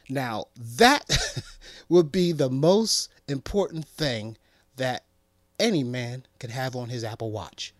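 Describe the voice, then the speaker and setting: A man hosting a comedy podcast, joking and acting out little scenes in a playful, animated way. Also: medium pitch, takes it slowly, dry recording. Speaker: podcast host.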